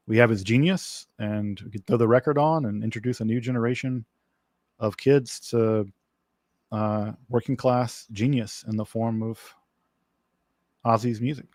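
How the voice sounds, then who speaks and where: A man hosting a relaxed livestream, talking in loose, rambling bursts full of fillers and restarts. His voice sits at a middle pitch. The sound is dry and close, with no room around it. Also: no echo. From working-class background. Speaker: livestream host. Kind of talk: casual livestream chat.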